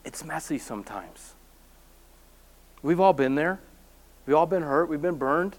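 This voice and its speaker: High-voiced male pastor telling stories. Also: a little slow. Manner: storytelling, animated, self-deprecating humor. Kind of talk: sermon.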